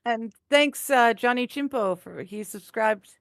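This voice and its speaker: A woman's voice: a little high, unhurried, no echo, clean studio sound. A woman co-hosting a casual stream, laid back and laughing along with her co-host. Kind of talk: casual chat.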